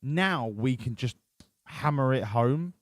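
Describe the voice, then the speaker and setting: A man's voice: medium pitch, lively intonation, takes it slowly, slight background noise. A man live-streaming a racing game, chatting in a profane, rambling way. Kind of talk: casual live-stream commentary. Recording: with game music behind.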